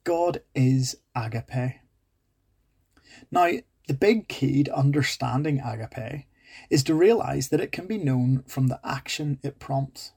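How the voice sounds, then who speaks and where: A man's voice: medium pitch, slow pace, vocal fry, a little mellow, slightly rough. A man preaching a sermon in an earnest way, acting out quoted dialogue with rising intensity.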